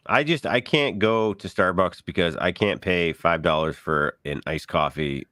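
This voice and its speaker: A man's voice: sits low, unhurried, pushed and bright, no echo. A middle-aged man co-hosting a casual podcast chat, rambling through everyday stories and acting out what other people said. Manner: rambling storyteller, acts out quoted voices. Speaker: podcast co-host.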